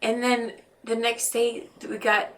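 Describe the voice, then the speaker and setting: A woman guest telling a painful personal story in a podcast interview, halting and earnest, often restarting her sentences. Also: a little high, level tone, a bit bright, far from the mic. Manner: earnest and emotional.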